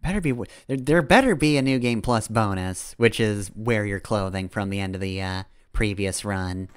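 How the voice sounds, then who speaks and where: A man's voice: lowish voice, normal speed, clean tone. A man streaming a game, giving rambling, casual commentary, often correcting himself and chuckling.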